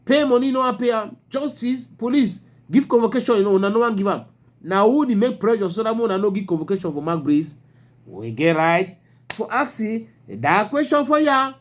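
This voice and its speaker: A man with a Cameroonian Pidgin accent delivers opinionated news commentary in a fairly high voice. He talks in an animated, mocking way and punctuates his points with emphatic exclamations. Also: brisk.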